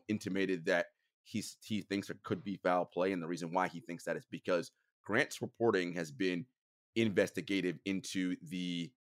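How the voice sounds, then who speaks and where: A man hosting a sports podcast, speaking earnestly and often dropping into a somber hush. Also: low voice. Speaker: podcast host. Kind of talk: casual podcast talk.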